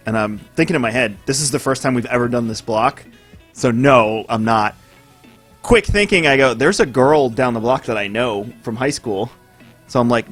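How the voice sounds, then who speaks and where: Animated storytelling man. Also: medium pitch, quick pace, faint music behind. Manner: animated storyteller acting out voices, swearing. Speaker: podcast co-host. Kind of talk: casual storytelling chat.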